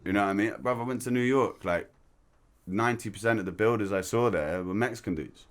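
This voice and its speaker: Young man, low voice, podcast host, slangy, swears. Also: quick pace. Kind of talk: casual podcast chat.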